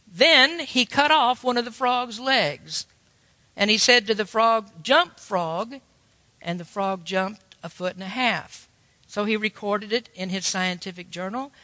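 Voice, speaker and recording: A man's voice: high voice, unhurried, sharp tone, no room sound, big-room sound. A man preaching a sermon, telling a folksy story with emphatic turns.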